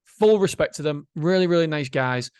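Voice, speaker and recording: A man hosting a solo motivational podcast, chatty and animated, swearing casually. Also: fairly high pitch, normal speed, clean tone, dry recording, clean studio sound. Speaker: podcast host.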